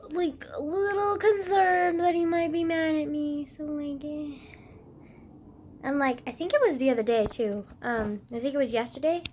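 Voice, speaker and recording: Young woman vlogger, high voice, rambling and self-mocking, close phone mic. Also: moderate pace, darkish tone, slight background noise. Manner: rambling, self-mocking, swears often, fillers everywhere. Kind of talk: rambling casual monologue.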